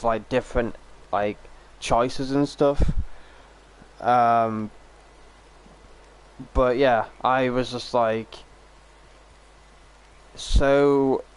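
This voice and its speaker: Man, game streamer, casual rambling chat, smooth clear voice, mid pitch. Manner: rambling, with many fillers and restarts. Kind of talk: casual live-stream chat while gaming.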